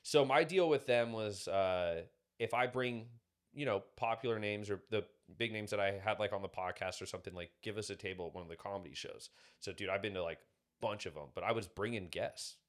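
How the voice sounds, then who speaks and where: Guy with a lowish voice, casual podcast chat, kinda rambly, lots of uh and like. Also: a little fast. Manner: rambling, filler-heavy storytelling. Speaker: podcast guest.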